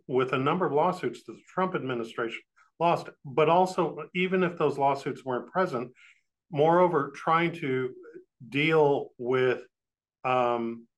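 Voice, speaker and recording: A man interviewing a congressman, asking long questions in a halting, searching way. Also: mid-range voice, a bit bright.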